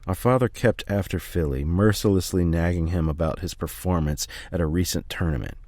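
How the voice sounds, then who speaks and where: A man reading a first-person memoir aloud in a steady, measured way. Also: sits low, dry recording, clean studio sound. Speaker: audiobook reader.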